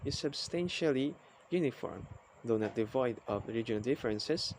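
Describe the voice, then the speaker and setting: Guy reading out a lecture from notes, halting, keeps repeating himself. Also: medium pitch, lively intonation, slight background noise. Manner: reads definitions aloud, halting and repetitive. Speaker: student presenter. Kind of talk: recorded class lecture.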